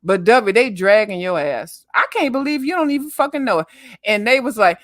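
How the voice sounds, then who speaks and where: A middle-aged woman sounds off on a live call, loud and profane. Her fairly high voice swoops up and down as she rants, and the sound is dry and close with no room around it. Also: brisk, no room sound. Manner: loud, cussing, animated ranting. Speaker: YouTuber guest on a live panel. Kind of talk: profane livestream panel chat.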